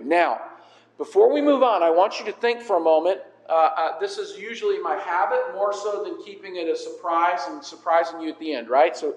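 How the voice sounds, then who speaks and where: A man with a high voice preaches to his congregation, emphatic and conversational, checking in with his listeners again and again. His words ring out with a long echo, as if he were in a large hall. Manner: emphatic, conversational, asks the congregation with repeated "right?". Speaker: pastor. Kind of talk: sermon. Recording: echoey hall with long reverb.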